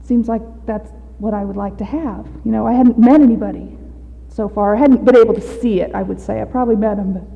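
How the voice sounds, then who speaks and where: A woman giving a candid, halting personal testimony at a recovery meeting, often breaking into laughter. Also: mid-range voice, gravelly. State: out of breath. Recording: dull echoey hall recording.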